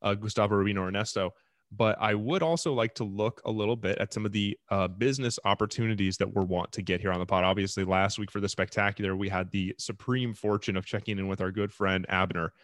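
A man co-hosting a podcast in deadpan comedic chat, reading scam emails aloud with mock-earnest grandeur. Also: fairly low pitch, fast, dry recording. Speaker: podcast co-host.

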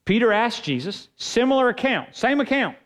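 A man's voice: very high-pitched, big pitch swings, normal speed, a bit bright. A man preaching a sermon as pastor, reading scripture aloud and building emphasis.

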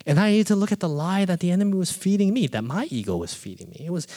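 A young man preaches in a big hall whose long echo trails after his words. His voice sits a little high and swings widely as he tells a personal story. He slips into his own quoted thoughts as he goes. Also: very animated, fast talker, warm tone. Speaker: pastor. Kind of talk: sermon. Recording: reverberant hall.

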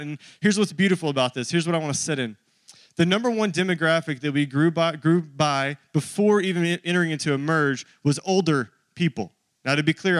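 A man's voice: a little high, a little fast, a bit bright, dry recording. A man in his thirties preaching a sermon to his church, conversational and joking with the congregation. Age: 30s. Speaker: pastor.

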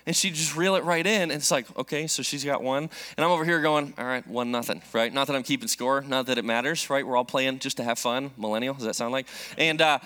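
A man in his thirties preaching a sermon, telling a personal story in an animated, joking way. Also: medium pitch, quick pace. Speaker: pastor.

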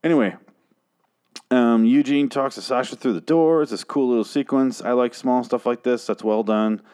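A man's voice: mid-range voice, normal speed, darkish tone, smooth. A man casually recapping a TV episode, rambling, sarcastic and profane, with frequent asides and restarts. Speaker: show recap host.

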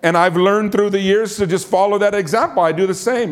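Speaking fairly quickly in a high-pitched voice, a man delivers a storytelling sermon about his own experience. He animatedly acts out quoted voices and frequently says "amen."

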